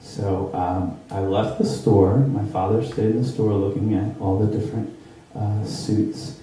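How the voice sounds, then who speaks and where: A young man telling a comedic true story at an improv show, rambling with lots of fillers and jumping into high squeaky voices for the people in it. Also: flat delivery, a little slow, mellow, slight background noise. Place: theater stage. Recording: roomy, distant live stage recording.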